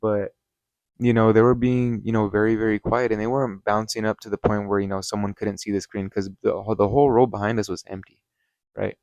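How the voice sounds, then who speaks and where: A man with a low-pitched voice gives a casual story-time review as the host of his channel. He rambles and gets heated, swearing often and filling gaps with "you know". The sound is dry and close, with no room echo. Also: little pitch movement, brisk, darkish tone, highs cut off.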